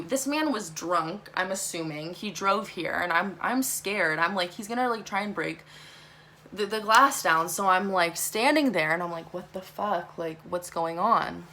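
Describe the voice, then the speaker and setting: A young woman telling a storytime vlog, talking fast and animated, swearing a lot and saying "like" often. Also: mid-range voice. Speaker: vlogger.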